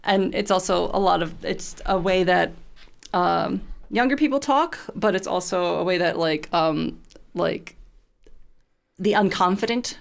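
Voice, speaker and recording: A woman streamer with vocal fry, chatting casually and swearing freely while she plays a game. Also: lowish voice, a little slow.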